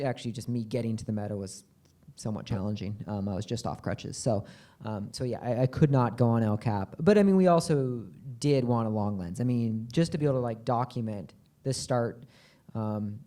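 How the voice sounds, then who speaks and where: A cinematographer on a festival panel speaking casually and self-deprecatingly, with frequent ums. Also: male voice, medium pitch, warm tone.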